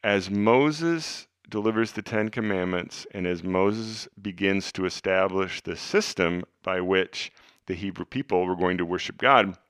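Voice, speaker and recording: A man hosting a podcast, teaching the Bible in an earnest, conversational way, dropping to hushed tones for emphasis. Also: low-pitched, no echo, studio quality. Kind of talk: casual teaching talk.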